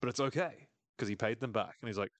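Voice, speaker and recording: Talking fast in a mid-range voice with no echo, this podcast host chats wryly through a TV episode recap. He laughs a lot and puts on funny voices when quoting characters.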